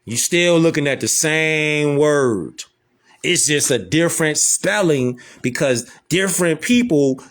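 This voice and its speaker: Pitched on the high side, a man with a Chicago accent talks loosely and casually on social media. His monologue is full of slang and repeated uses of "you know what I'm saying."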